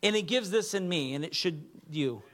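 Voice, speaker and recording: A man preaching a sermon with earnest delivery, dropping to a hush when he reads quoted words. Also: high-pitched, expressive, normal speed. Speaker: pastor.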